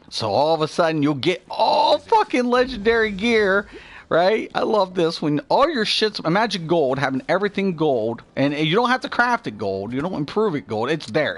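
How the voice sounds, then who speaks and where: Rambling, profane man talking games. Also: mid-range voice. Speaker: gaming video host. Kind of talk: casual gameplay commentary.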